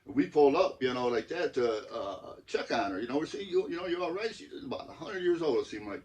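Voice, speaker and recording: Detroit-area male co-host, relaxed storyteller, distant mic. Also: mid-range voice, brisk. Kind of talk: casual storytelling chat.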